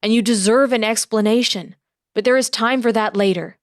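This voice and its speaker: A woman's voice: fairly high pitch, normal speed, no echo, clean studio sound, lightly acted. A woman doing a penitent young pirate brother, pleading. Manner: earnest, pleading.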